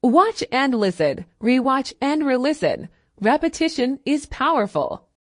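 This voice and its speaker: High, lively-voiced woman teaching English. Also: no room sound, clean studio sound. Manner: clear, measured, encouraging delivery with deliberate pauses. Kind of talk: scripted English listening lesson.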